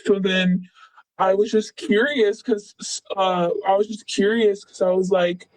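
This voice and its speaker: High-voiced young man telling a story. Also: fairly even intonation, a little slow, no echo, low-quality recording. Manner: rambling, filler-heavy, quotes others with "blah, blah". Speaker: interviewee. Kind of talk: casual storytelling.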